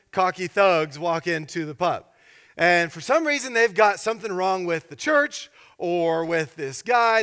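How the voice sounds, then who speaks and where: High-voiced preacher in a reverberant hall. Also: male voice, clear, resonant tone. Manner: animated storytelling, acts out characters. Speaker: pastor. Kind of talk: sermon.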